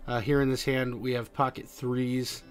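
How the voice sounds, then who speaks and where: A man giving voice-over commentary on his poker hands, halting and full of fillers. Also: mid-range voice, level tone, faint music behind. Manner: halting, many fillers and restarts. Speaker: poker vlogger.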